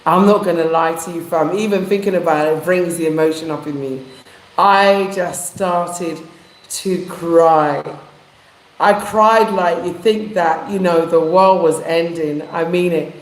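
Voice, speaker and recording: A woman's voice: on the low side, fairly even intonation, a little slow. A woman from England telling a heartfelt personal story in casual chat, using street slang. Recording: echoey room.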